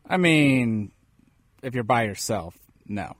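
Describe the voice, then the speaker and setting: A man's voice: medium pitch, expressive, slow, no room sound. Matter-of-fact male co-host. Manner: brief, matter-of-fact replies. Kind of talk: casual studio banter.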